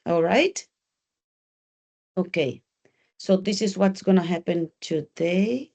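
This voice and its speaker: A woman's voice: lowish voice, slow, gravelly, a little mellow. Woman English teacher in a classroom; direct, coaching delivery that drills key points. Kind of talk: exam preparation class.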